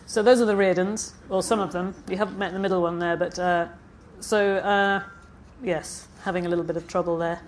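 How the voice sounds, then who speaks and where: A woman's voice: on the low side, steady tone, fairly quick, hardly any pauses, background noise. Novelist reading her own work aloud, woman. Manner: chatty asides with fillers between readings. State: frog in her throat. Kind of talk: author reading at a live event. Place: festival stage.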